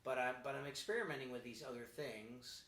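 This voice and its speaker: A man's voice: mid-range voice, brisk, fairly bright tone. A man chatting as an interview guest, enthusiastic and long-winded in his answers, heard from a distant mic. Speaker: guest drummer. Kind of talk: casual interview chat. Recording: echoey room, distant mic, faint noise.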